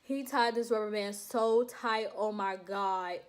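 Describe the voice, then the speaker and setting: A young woman vlogging to her viewers in a casual, animated storytelling way, laughing often and calling them y'all. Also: medium pitch, a little slow. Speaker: vlogger recounting her enlistment processing.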